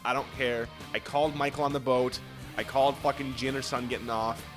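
A young man co-hosting a casual chat about a TV show, excitable and profane, often jumping into quoted voices. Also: medium pitch, brisk, music in the background. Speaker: podcast co-host.

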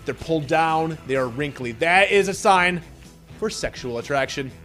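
A man co-hosting a podcast, joking crudely and teasing his co-host in animated, vulgar banter. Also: a little high, moderate pace, soft background music.

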